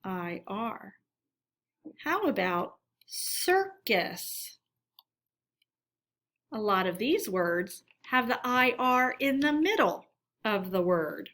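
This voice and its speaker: Very slow, bright-voiced woman teacher. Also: mid-range voice, sing-song. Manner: slow, deliberate word-by-word reading aloud for kids to repeat. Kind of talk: recorded phonics lesson for children.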